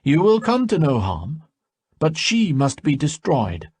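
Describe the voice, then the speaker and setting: A man's voice: on the high side, wildly swooping pitch, unhurried, darkish tone, husky, dry recording, clean studio sound, voice pushed up, heavily acted. A man voicing the menacing, lonely spirit of a dead father in an audiobook, cold and possessive.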